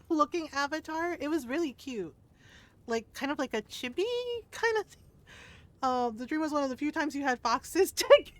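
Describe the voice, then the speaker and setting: A woman game streamer chatting casually with her viewers, telling a story in an animated way, laughing often and swearing now and then. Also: sits high.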